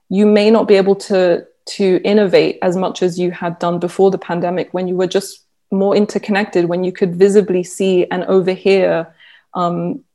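A woman's voice: on the low side, warm tone. A woman researcher explaining her findings in an interview, with frequent ums and restarts. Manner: hesitant, many fillers and restarts. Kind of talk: interview answer.

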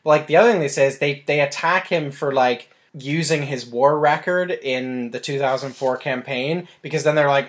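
A man's voice: mid-range voice, normal speed, hardly any pauses, fairly bright tone. A man co-hosting a casual podcast review, talking in a rambling way full of "like" fillers. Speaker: podcast co-host. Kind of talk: casual film-review chat.

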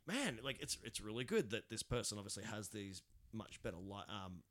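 A man co-hosting a casual film podcast, rambling and laughing often, with loud bursts when he quotes a line. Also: lowish voice, big pitch swings, a little fast. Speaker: podcast co-host.

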